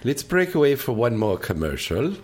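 A man's voice: medium pitch, very animated, moderate pace, darkish tone. A man hosting a call-in radio show, joking and affectionate with his guests. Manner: joking, affectionate, playful with accents. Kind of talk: casual call-in radio talk.

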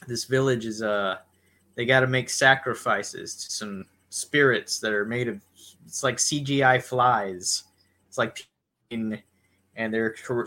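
A man with a bright, forceful tone tells a movie plot in loose, casual podcast chat. He keeps checking in with his co-host as he goes. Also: mid-range voice. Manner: laid-back storyteller, addresses co-host by name.

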